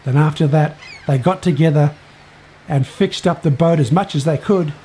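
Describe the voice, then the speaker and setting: A man telling a Bible story for a children's church, reading in an expressive way. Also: a little high, normal speed, slight background noise, rough recording.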